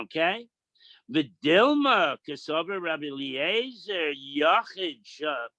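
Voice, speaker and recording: A middle-aged man teaching a daily Talmud page, reading Aramaic slowly, then explaining it in casual with quips and asides. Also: fairly high pitch, bright, forceful tone, no room sound. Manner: plain-spoken, quips and asides. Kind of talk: daf yomi Talmud lesson.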